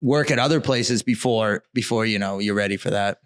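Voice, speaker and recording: A man telling a story as a brewery co-founder guest on a podcast, animated and rambling, filling his speech with "like". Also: on the low side, brisk. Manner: animated, rambling, frequent "like" fillers. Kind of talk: casual storytelling.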